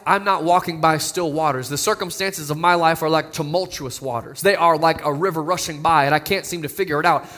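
A man preaching a sermon, building to emphatic, near-shouting appeals to the congregation. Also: high-pitched. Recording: long hall reverb.

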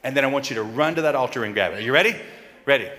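A man giving a lively children's sermon, coaxing and calling out to the kids in a church. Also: mid-range voice, very fast. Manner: animated, coaxing, calls out to the kids. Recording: long reverb in a large hall, faint crowd.

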